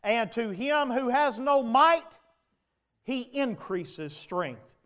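A male pastor preaching a sermon, asking the congregation questions and building to loud, emphatic passages. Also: sits high, expressive, slow. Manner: preaching with rhetorical questions to the congregation, rising to shouts.

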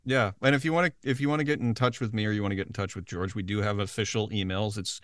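A man's voice: on the low side, steady tone, fast, no room sound, studio quality. A man co-hosting a podcast in casual chat, joking and poking fun at himself. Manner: joking, self-mocking. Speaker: podcast co-host.

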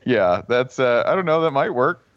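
A man's voice: big pitch swings, normal speed, no room sound. A man co-hosting a podcast, chatting casually and animatedly, often slipping into exaggerated accent impressions. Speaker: podcast co-host. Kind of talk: casual comedic chat. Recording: dry, dull low-fidelity podcast audio.

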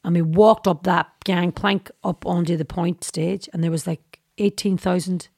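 A woman with a Derry accent, a guest telling lively stories in a casual interview, acting out quoted voices and saying "aye" a lot. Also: lowish voice, moderate pace, no room sound, studio quality. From Derry, Northern Ireland. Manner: animated storyteller, acts out quoted voices, says "aye" often. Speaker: guest actor and singer.

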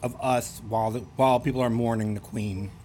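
A man's voice: medium pitch, steady tone, a little fast, mellow, slight background noise. A man with a Baltimore accent and a lisp, co-hosting a podcast in rambling, jokey banter with a slight stutter. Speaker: podcast co-host.

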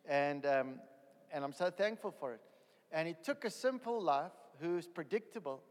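A man in his fifties from South Africa, telling his testimony as a preacher in a storytelling sermon that rises to loud excited bursts. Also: on the high side, normal speed. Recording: long hall reverb.

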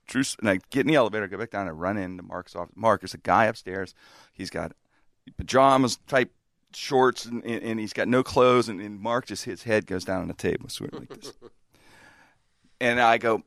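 An animated man spins a long story in casual chat, his pitch leaping around as he shouts out quoted lines and laughs. His voice is bright and forward, recorded dry and close. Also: moderate pace, no echo. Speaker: podcast host.

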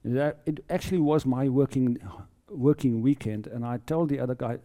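Man, South African accent, very dark mellow voice, lay preacher, halting earnest testimony. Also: mid-range voice. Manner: halting, earnest storytelling with many repeated words. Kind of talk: personal testimony in a sermon.

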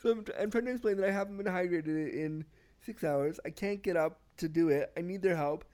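A man as a podcast guest, telling a story in casual conversation, animated and often repeating and restarting words. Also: sits high, a little fast. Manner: animated, acts out quoted exchanges.

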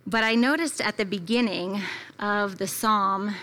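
A woman delivers a sermon in a bright, clear-edged voice. She speaks reflectively and personally, like a preacher sharing a story, with easy fillers that keep it conversational. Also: mid-range voice, a little slow. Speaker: preacher at a church gathering.

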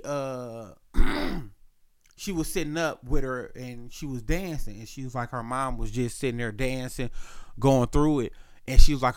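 A man's voice: a bit bright, no echo. Slangy man telling stories, dry sound. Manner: loose slang-heavy storytelling, jumps up in pitch when quoting himself; frequent throat clearing and filler "uh". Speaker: podcast host. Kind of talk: casual storytelling monologue.

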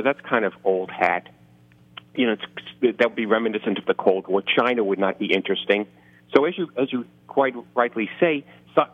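A middle-aged man from the Bronx with a New York accent, an author chatting casually and self-deprecatingly about his books in an interview, often restarting his sentences. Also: lowish voice. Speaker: author guest. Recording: phone-line audio.

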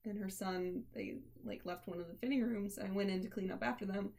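A woman's voice: medium pitch, fairly even intonation, a little fast, creaky, a little mellow. A young woman chatting casually as a podcast co-host, telling stories with dry, teasing humor. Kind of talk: casual chat.

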